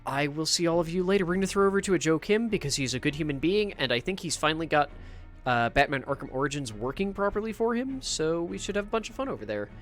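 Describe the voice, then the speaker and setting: A man's voice: on the high side, animated, quick pace, a bit bright, soft background music. Chatty rambling male streamer. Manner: rambling, chatty, swears casually. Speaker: livestreamer. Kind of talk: casual gameplay livestream commentary.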